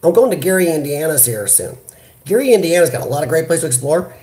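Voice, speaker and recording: A man from the United States hosting a casual live chat, talking in an animated, chatty way into a computer webcam. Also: a little high, quick pace. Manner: animated, chatty, reads viewer comments aloud. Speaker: livestream host. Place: hospital room.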